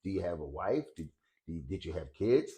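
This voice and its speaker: Calm patient old man in his eighties, lowish voice, told by a male storyteller. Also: normal speed. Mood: gentle. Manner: gentle, patient questioning.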